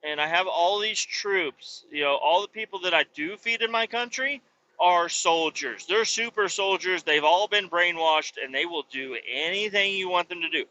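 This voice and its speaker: A man putting on a boastful male dictator who brags slowly about his troops in a comedy rant. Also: sits high, bright, forceful tone, dull audio, slight background noise. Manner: bragging, slow and deliberate.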